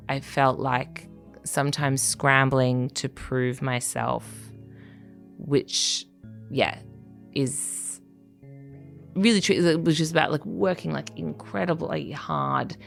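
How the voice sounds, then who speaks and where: A woman with an Australian accent talks things through casually, pausing on fillers and restarting her thoughts. Her voice sits low and has a gravelly edge. Faint music hums underneath. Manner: conversational, hesitant, many fillers and restarts, laughs often. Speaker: writer. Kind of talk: reflective casual interview talk. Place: living in Scotland.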